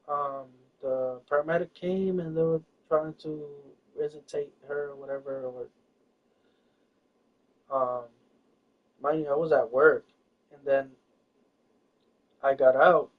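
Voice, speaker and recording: A man's voice: mid-range voice, slow, long pauses, distant mic. A man talks casually, rambling and hesitant, stacking fillers and starting sentences over. He sits back from the mic, and the recording sounds dull and lo-fi. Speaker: storyteller. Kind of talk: casual chat.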